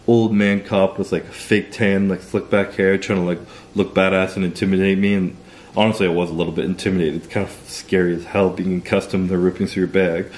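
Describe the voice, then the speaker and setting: A man's voice: low voice, flat delivery, fairly quick, darkish tone, a little hiss or hum. Casual, profane young man. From Canada. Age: young adult. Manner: loose and profane, heavy use of "like". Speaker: vlogger. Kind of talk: casual storytelling.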